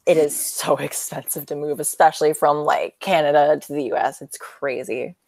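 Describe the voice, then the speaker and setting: A woman's voice: low-pitched, fairly even intonation, moderate pace, a little mellow, no echo. A young woman hosting a casual livestream chat, talking animatedly, laughing a lot and filling her speech with "like". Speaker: host.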